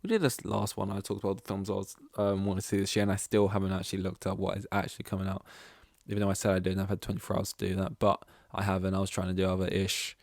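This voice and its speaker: Man, solo podcast host, rambling, self-deprecating, low voice, dry close sound. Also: little pitch movement, racing, gravelly, dry recording.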